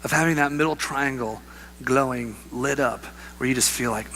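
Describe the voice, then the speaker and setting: A young adult man preaching a sermon, telling a personal story with lively acted-out voices and laughter. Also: mid-range voice, moderate pace, slight background noise. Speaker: pastor.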